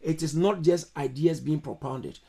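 A male pastor preaching a sermon to an online church service, emphatic, repeating his phrases and breaking into sudden high exclamations. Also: moderate pace, warm tone. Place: online church service over video call.

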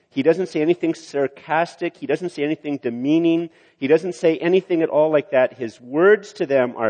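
An older man preaching a sermon, acting out quotes and rising to loud emphasis. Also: on the high side, moderate pace, hardly any pauses. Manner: animated, rises loud for emphasis, acts out quotes. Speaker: pastor. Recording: long hall reverb.

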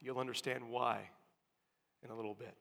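A man's voice: mid-range voice, steady tone, moderate pace, vocal fry, fairly bright tone. A male pastor preaching a sermon, teaching steadily and building emphasis on key words. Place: church. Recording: long reverb of a church hall.

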